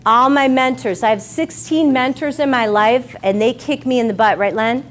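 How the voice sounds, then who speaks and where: A woman's voice: fairly high pitch, normal speed, slight background noise. A woman author with an American Midwest accent gives a heartfelt, emotional talk to an audience at a bookstore signing, at times near tears. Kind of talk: emotional speech at a book signing. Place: bookstore event room with an audience.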